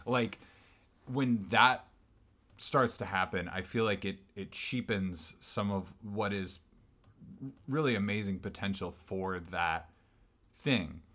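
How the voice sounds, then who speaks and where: A man with a fairly low voice co-hosts a casual podcast about a TV series. He works through his thoughts out loud, hesitating and restarting as he goes. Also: takes it slowly, pauses often. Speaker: podcast co-host. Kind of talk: casual TV recap chat.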